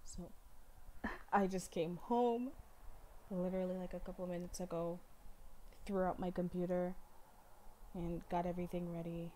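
A young woman doing a casual reaction video, an emotional fan who shrieks and swears when excited, on a built-in computer mic without her usual microphone. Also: lowish voice, moderate pace, long pauses. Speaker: vlogger reacting to a music video. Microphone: built-in computer mic, no external microphone.

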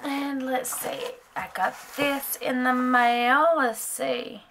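Bright, bubbly woman unboxing nail products. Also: sits high, steady tone, takes it slowly, creaky, a little hiss or hum. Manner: chatty and gushing, many fillers. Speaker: nail vlogger. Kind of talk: casual product unboxing chat.

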